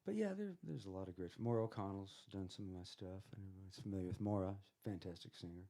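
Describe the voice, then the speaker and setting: A man with a lowish voice spins a loose, chuckling road story for a live crowd. He rambles through his anecdotes with plenty of fillers, casual and unhurried. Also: animated, dark tone. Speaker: singer-songwriter guest.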